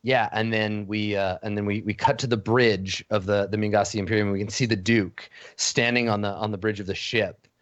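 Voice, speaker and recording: A man narrating a tabletop game as game master, halting, with many fillers and restarts. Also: fairly low pitch, steady tone, no echo. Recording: dull lo-fi dry audio.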